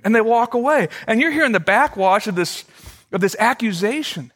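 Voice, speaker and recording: A middle-aged male pastor preaching a sermon, earnest, slowly repeating key phrases for emphasis. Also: high voice, fairly bright tone.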